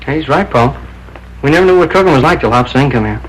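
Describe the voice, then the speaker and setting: A man's voice: mid-range voice, lively intonation, quick pace, husky, low-quality recording. An actor playing a cocky youngest ranch son who teases his older brother. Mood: teasing. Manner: teasing, playful.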